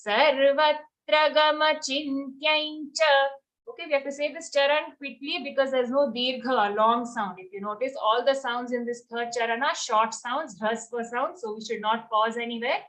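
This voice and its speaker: A woman teaching the chanting of Sanskrit verses in an online lesson. She chants each line slowly, then explains the pronunciation rules quickly and patiently. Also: a little high, fairly bright tone.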